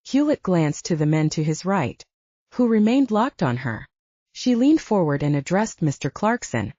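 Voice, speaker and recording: Low, expressive woman narrating an audiobook. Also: normal speed, dry recording. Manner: expressive storytelling. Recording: slightly muffled lo-fi recording.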